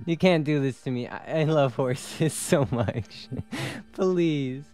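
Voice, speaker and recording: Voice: medium pitch, expressive, slow, few pauses, darkish tone, faint music behind. A young adult streamer giving live gameplay commentary, talking to themselves, swearing freely and laughing often.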